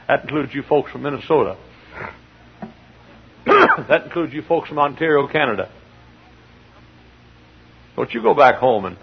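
Male pastor, middle-aged, husky, fiery sermon, quiet then shouting, lo-fi church tape. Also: medium pitch, lively intonation, moderate pace, long pauses. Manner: swings from quiet storytelling to loud shouting. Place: large church. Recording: dull lo-fi church recording.

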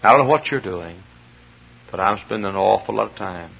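Man, pastor, fervent sermon, low-pitched, husky, dull lo-fi church recording. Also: lively intonation, brisk. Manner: fervent preaching that swings from low murmurs to shouted peaks. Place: church sanctuary.

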